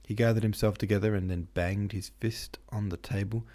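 A man reading a novel aloud as host, in steady, measured narration. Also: on the low side. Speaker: host and audiobook reader. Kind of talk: scripted narration.

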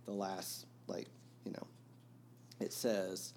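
A man hosting a podcast about a novel, talking reflectively and haltingly, with many fillers and restarts. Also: low-pitched, flat delivery, a little mellow, a little hiss or hum. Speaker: podcast host discussing a novel. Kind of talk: reflective casual talk.

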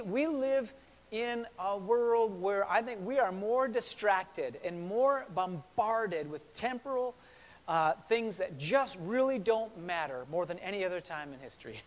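Male pastor, high voice, chatty sermon delivery with repeated words and questions, reverberant church sound. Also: animated, a little slow. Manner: conversational, repeats words, asks the congregation questions.

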